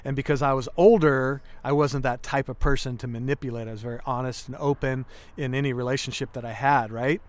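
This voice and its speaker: A man's voice: medium pitch, steady tone, fairly quick, hardly any pauses. A man in his thirties, a podcast guest, earnestly recounting his personal story and acting out the dialogue. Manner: earnest, emotional, acts out quoted dialogue.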